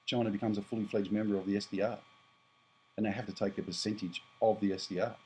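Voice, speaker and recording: A man's voice: fairly low pitch, flat delivery, quick pace, a little mellow, slight background noise, rough recording. Blunt rambling Australian man in his fifties. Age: 50s. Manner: blunt, rambling, self-correcting. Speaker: prepper vlogger. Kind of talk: casual monologue to camera.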